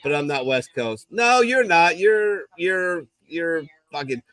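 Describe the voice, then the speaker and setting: A man's voice: fairly high pitch, lively intonation, slow pace, fairly bright tone, dry recording. A man hosting a live bar-room chat show, swearing and joking loosely as he talks after a few drinks. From American Midwest. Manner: profane, joking, loose drunken talk. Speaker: podcast host. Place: bar compound, live stream.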